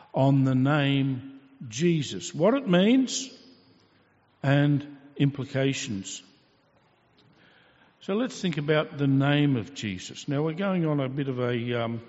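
A man preaches a sermon at an unhurried, deliberate pace, his voice sitting a little high for a man. He teaches patiently and poses rhetorical questions. The recording is dull and carries a long hall reverb. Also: darkish tone.

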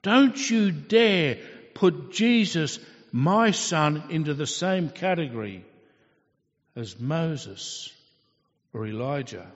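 A man preaching who voices God the Father as stern and frustrated, speaking slowly and forcefully. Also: expressive. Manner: forceful, emphatic, slow and booming. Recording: echoey hall, dull lo-fi sound.

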